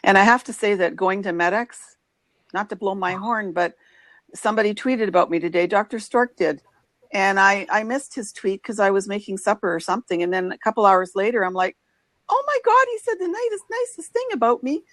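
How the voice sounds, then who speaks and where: Woman, 60s, effusive and chatty video-chat guest, plain mid-pitched voice. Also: a little fast, fairly bright tone, no room sound, rough recording.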